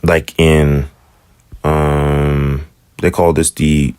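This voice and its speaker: A man teaching Hebrew letters in a casual lesson, thinking aloud and repeating sounds slowly. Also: extremely low pitch, vocal fry. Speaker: self-taught Hebrew teacher. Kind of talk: casual screen-share lesson.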